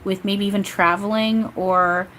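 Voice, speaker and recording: A woman's voice: medium pitch, fairly even intonation, unhurried, a bit bright. Woman, psychic medium, casual livestream reading, rambling, giggly, faint background noise. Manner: chatty, giggly, rambling with frequent laughs.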